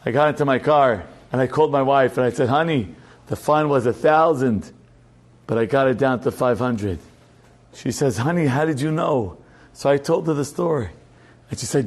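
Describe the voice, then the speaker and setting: A middle-aged rabbi teaches a Torah class through a personal story. His voice sits a little high for a man, and he swings between loud, emphatic high points and quiet, low asides. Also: normal speed.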